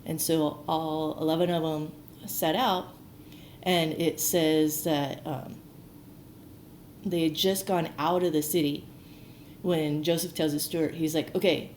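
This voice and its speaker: A woman's voice: sits low, fairly even intonation, slow pace, a little mellow. A woman educator casually retelling a Bible story, chatty and full of "like", acting out the quotes. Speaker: archaeology educator. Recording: roomy echo, faint noise.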